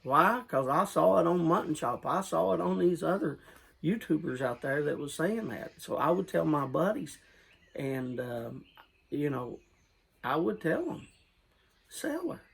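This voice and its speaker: Gravelly, husky-voiced Southern man rambling. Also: on the high side, animated, a little slow, a bit bright, poor audio. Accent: Southern US rural. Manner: rambling, repeats himself, self-correcting; earnest, urging viewers. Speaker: pipe tobacco vlogger. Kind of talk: casual rambling vlog talk.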